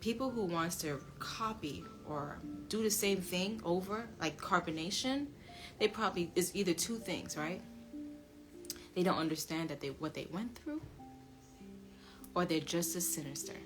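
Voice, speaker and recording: A woman's voice: fairly low pitch, animated, moderate pace. A woman hosting her show and telling a personal story in a casual, emphatic rant, repeating herself, swearing freely and acting out both sides of the conversations. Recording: music playing underneath the voice.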